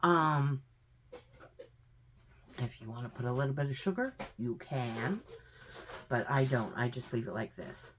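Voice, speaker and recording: A woman's voice: very deep voice, unhurried, pauses often, noisy background. A woman at home in her kitchen, giving a chatty, homey step-by-step cooking demonstration with plenty of fillers. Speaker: home cook vlogger.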